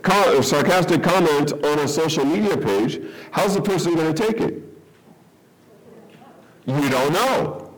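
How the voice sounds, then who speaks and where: A man's voice: fairly high pitch, rough recording. A man preaching a Bible-teaching sermon, talking conversationally, asking rhetorical questions and checking in with the audience.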